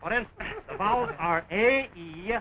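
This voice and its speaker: Bantering vaudeville comic, very high voice, lively, noisy old soundtrack. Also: male voice, moderate pace, muffled recording, crowd noise. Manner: bantering, laughing between lines. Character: wisecracking comedian in a cross-talk gag. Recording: scratchy 1920s film sound with noise.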